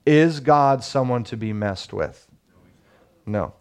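A man's voice: medium pitch, animated, slow pace, smooth. A man in his thirties preaching a sermon as pastor, with rising emphasis and frequent rhetorical questions.

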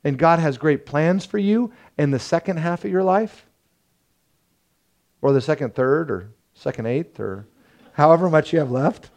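A young man preaching a sermon as pastor, telling the story lively and acting out the quotes. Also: a little high, moderate pace. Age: young adult. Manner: animated storytelling, acts out quotes with laughs.

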